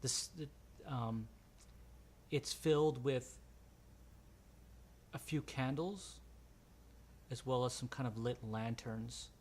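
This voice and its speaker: Man, game master, tabletop game narration, rambling, mid pitch, faint hum. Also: takes it slowly, long pauses, darkish tone. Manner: rambling, many ums and restarts.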